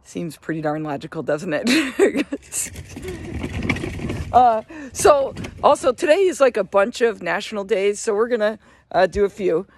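A woman's voice: mid-range voice, lively intonation, measured pace, a little mellow, slight background noise. A middle-aged woman giving a casual, rambling morning chat to camera, laughing often between her asides. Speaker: vlogger.

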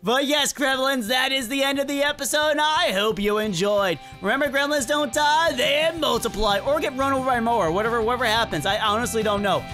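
A gaming channel host giving excitable, chatty let's-play commentary, often repeating the same phrase several times. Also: sits high, a little fast, few pauses, soft background music.

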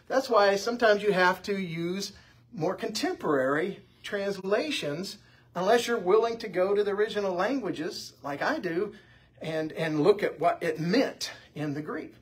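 A man's voice: sits high, a little slow, husky. A man teaching an informal church Bible class, conversational and full of anecdotes. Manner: conversational, anecdotal, lively delivery.

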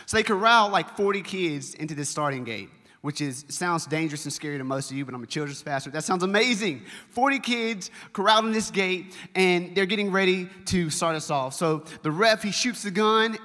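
Bright-voiced young pastor preaching in an echoing hall. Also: male voice, high voice, a little fast. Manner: animated, conversational, addresses the congregation directly. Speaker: children's pastor. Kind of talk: storytelling sermon. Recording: long reverb of a large hall.

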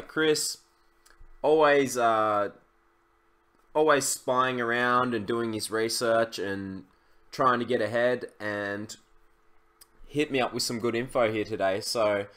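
A young male e-commerce YouTuber talks casually through a screen-share tutorial, loose and full of fillers and restarts. His voice is medium in pitch with a fairly bright tone.

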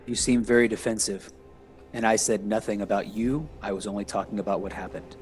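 A man's voice: on the low side, steady tone, a little fast, poor audio. A man playing a tabletop game in character, blunt and confrontational. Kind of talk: in-character role-play. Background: faint background music.

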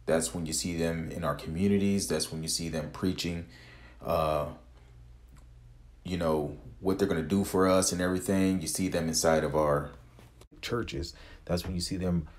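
A man's voice: deep voice, a little mellow, husky. A man in his forties from the United States, a vlogger giving a blunt, profane, impassioned opinion rant to camera.

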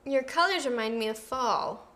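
Bright, high-voiced chatty young woman. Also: slight background noise. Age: 20s. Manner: chatty, quick and animated, lots of "like". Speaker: co-host of a livestream. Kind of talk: casual chat.

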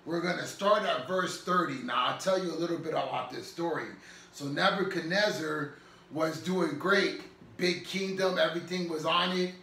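A man's voice: a little high, vocal fry, bright, forceful tone, roomy sound, distant mic, a little hiss or hum. A man pastor preaching an earnest, emphatic sermon, repeating phrases for weight.

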